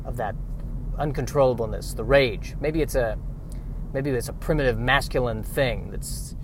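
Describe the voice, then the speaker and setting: A man's voice: medium pitch, moderate pace, noisy background. A man doing a stand-up monologue, musing in a rambling, self-deprecating way. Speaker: comedian.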